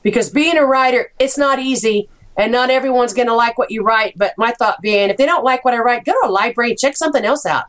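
Middle-aged American woman author, animated storyteller with a fairly high voice, casual chat. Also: fast talker, hardly any pauses. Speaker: author guest.

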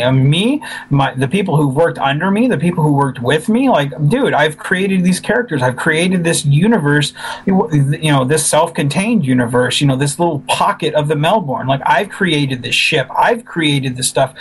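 Animated man venting in casual chat. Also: on the high side, fairly quick, husky, rough recording. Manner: animated, frustrated, repeats himself. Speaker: fan filmmaker.

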